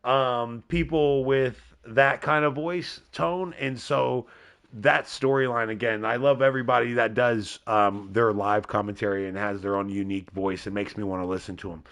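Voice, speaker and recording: A man with a nasal voice hosting a live wrestling video game stream, giving excitable, rambling play-by-play and chatting to his viewers. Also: medium pitch, normal speed. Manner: excitable, rambling, talks to a chat member by name. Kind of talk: casual live gameplay commentary.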